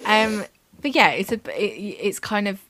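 A woman's voice: mid-range voice, expressive, measured pace, a bit bright. A woman co-hosting a true-crime podcast, telling the story in a casual, chatty way with lots of fillers. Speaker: podcast co-host.

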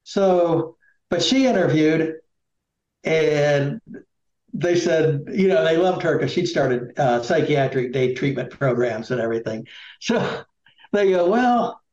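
A man's voice: fairly high pitch, expressive, slow, a little mellow, roomy sound, highs cut off. Rambling middle-aged man from Indiana. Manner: rambling, many fillers and restarts. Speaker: political candidate guest. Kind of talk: casual interview chat.

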